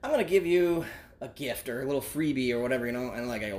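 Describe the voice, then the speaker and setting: A man's voice: mid-range voice, expressive, quick pace. A man in his forties telling a long personal story in casual, profane chat, rambling, laughing often and acting out the voices of the people in it.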